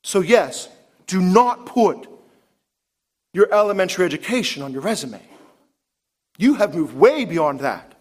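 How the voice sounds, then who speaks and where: Animated, high-pitched male preacher. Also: measured pace, long pauses. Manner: animated preaching, rising to emphatic high pitch, frequent rhetorical questions. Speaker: pastor. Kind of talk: sermon.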